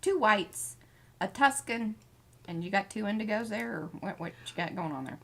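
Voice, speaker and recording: A woman's voice: mid-range voice, lively intonation, moderate pace, fairly bright tone. A woman co-hosting a craft livestream, chatting casually, greeting viewers and reading out their comments. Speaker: livestream co-host reading the chat.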